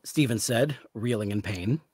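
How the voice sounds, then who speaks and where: A man reading the narration of a novel aloud in a measured storytelling way. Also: lowish voice, darkish tone, slightly rough, no echo. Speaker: author reading.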